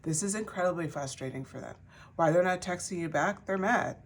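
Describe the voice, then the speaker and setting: A woman's voice: on the low side, a little fast. A woman giving a pick-a-card tarot reading to her viewers in a chatty way, with many fillers and restarts. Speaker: tarot reader.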